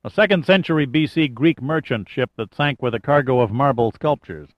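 A man reading as an enthusiastic male archaeologist around forty, with a quick, blurting manner, in a dry, slightly muffled audiobook recording. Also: mid-range voice, dry recording, natural voice. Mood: curious.

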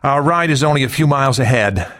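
A man voicing a brisk, businesslike female accomplice in an audiobook. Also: medium pitch, expressive, a bit bright, dry recording, studio quality, pitched above the performer's own voice, natural voice.

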